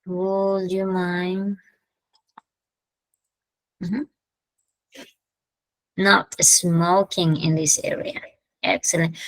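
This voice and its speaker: A woman with a Peruvian Spanish accent teaching an English lesson, mixing Spanish explanations with slowly drawn-out English example sentences. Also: on the low side, steady tone, a bit bright, dry recording, rough recording.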